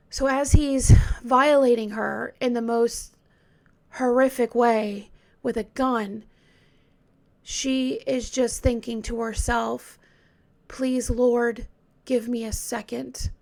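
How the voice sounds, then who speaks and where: A woman telling a true crime story in a casual, hesitant way, often dropping into a hushed whisper. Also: on the high side, steady tone, slow, creaky.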